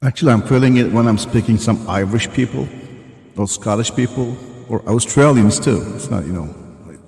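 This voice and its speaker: A man appearing as a guest co-host on a live stream, speaking haltingly and searching for words as he chats. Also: mid-range voice, gravelly, a little mellow. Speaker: guest co-host, travel channel creator. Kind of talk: casual live-stream chat. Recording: echoey room with long reverb.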